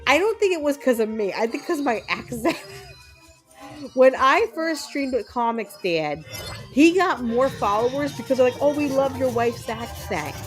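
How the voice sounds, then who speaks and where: A woman's voice: high voice, very animated, normal speed, faint music behind, low-quality recording. A woman streamer chatting casually with her viewers while playing a video game, upbeat and full of ums. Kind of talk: casual chat while gaming.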